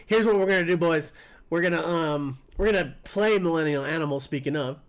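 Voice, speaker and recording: American man, host, slightly high voice, emphatic and upbeat. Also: fairly quick. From United States. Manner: upbeat, emphatic, repeats himself. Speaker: podcast host. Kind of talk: casual livestream chat.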